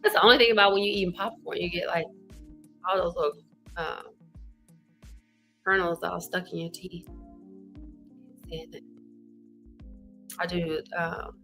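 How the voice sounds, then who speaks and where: Southern woman, middle-aged, energetic livestream host, bright and forward tone. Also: on the low side, unhurried, creaky, pauses often, soft background music. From Arkansas. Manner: chatty, energetic, greets viewers by name, says "y'all" and "child". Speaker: love coach and livestream host. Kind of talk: casual livestream chat.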